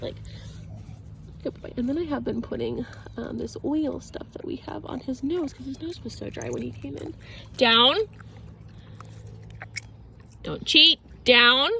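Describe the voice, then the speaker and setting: A woman dog trainer outdoors, explaining her method while walking a dog and calling out sharp commands. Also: high-pitched, a little hiss or hum. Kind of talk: instructional talk during dog training.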